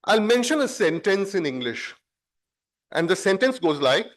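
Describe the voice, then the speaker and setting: A man giving a conference presentation, speaking in a measured, explanatory way and stressing words for effect. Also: sits high, very animated, a bit bright.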